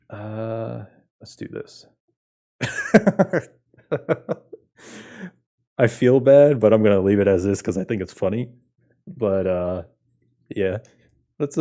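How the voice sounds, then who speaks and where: A man's voice: fairly low pitch, dark tone. A man giving casual commentary while playing games, laid-back and chatting with viewers, often laughing. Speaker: game streamer. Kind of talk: casual game playthrough commentary.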